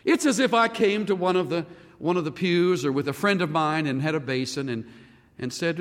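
A man preaching a sermon as a pastor, animated and firing rhetorical questions at the congregation. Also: a little high, moderate pace. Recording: reverberant hall.

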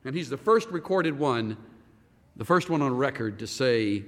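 Animated male preacher in an echoey hall. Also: medium pitch, normal speed. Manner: animated, rhetorical questions to the congregation. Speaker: pastor. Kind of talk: sermon. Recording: reverberant hall.

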